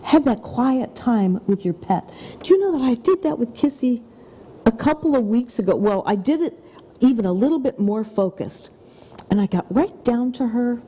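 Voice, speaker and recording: Woman, middle-aged, talk-show co-host, effusive, lively pitch, mellow. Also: moderate pace, big-room sound, slight background noise. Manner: effusive and upbeat, with soft whispered asides. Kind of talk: motivational talk-show chat.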